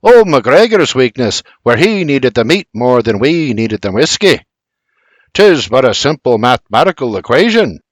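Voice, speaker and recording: A man's voice: mid-range voice, sing-song, normal speed, no room sound. A man voicing a crafty, boastful bootlegger who speaks in a broad Scottish-style brogue, in an audiobook. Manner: sly, boastful, broad brogue with dialect words.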